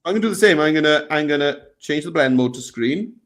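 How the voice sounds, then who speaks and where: A man hosting a live software lesson, chatting and guiding the viewers step by step. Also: a little high, animated, quick pace. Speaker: tutorial host.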